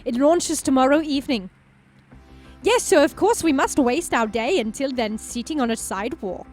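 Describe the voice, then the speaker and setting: A woman's voice: high-pitched, animated, moderate pace, darkish tone, soft background music, voice pushed up. A woman voicing a pair of stiff, formal German men in a put-on German accent, with stilted and overly polite phrasing. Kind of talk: let's play character voicing.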